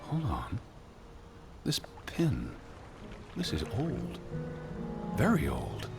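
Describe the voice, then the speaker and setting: An actor playing a cold, pedantic middle-aged gentleman scholar who speaks in a dry, dismissive, precise way. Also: mid-range voice, wildly swooping pitch, very slow, full character voice. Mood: cool. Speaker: game character. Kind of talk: game voice acting. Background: game music.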